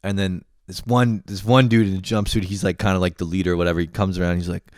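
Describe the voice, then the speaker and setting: With a low voice and a fast delivery, a young male host tears through a comedic rant, animated, profane and laughing often. The recording has no echo and is studio quality.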